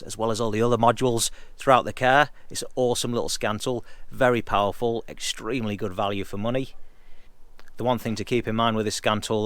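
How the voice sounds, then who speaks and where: A man talks through car gear in an easygoing, candid vlog style, addressing his viewers directly. His voice sits fairly low, and the sound is dry and close with little room echo. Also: a bit bright. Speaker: car enthusiast vlogger. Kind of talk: casual explanatory car vlog.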